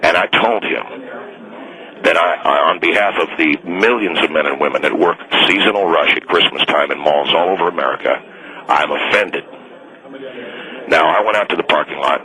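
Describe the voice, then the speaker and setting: A man's voice: rumbling low, bright, forceful tone, low-quality recording. A man playing an indignant, fired mall Santa on a radio call-in, stubborn and self-righteous, rambling with restarts. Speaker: caller.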